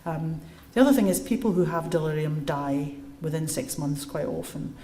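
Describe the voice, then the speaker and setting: A woman with a low voice gives a public lecture to a live audience and takes questions, telling lively stories and explaining things step by step at a moderate pace. The room is echoey, with slight background noise.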